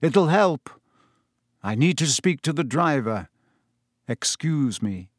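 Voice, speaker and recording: A man reading aloud and voicing a calm, kindly male teacher who speaks in a measured, gently firm way. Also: fairly high pitch, no room sound, studio quality.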